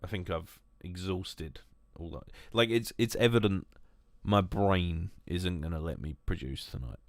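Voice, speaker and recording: A man's voice: low voice, measured pace, no echo, clean studio sound. A man chatting casually on a live stream while drinking whiskey, rambling, swearing and mocking himself.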